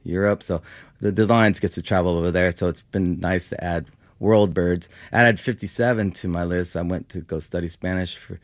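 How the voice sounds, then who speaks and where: His voice sits low and stays steady in tone at a normal speed, captured with no room sound. He is a musician guest from Los Angeles, California, in his fifties, rambling casually in an interview with plenty of "like" and "you know."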